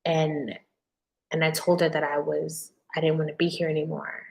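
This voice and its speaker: A woman's voice: low-pitched, level tone, moderate pace, creaky, echoey room. A woman hosting a casual live-stream Q&A, answering viewer questions with candid, emotional personal storytelling. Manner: conversational, with frequent fillers and restarts.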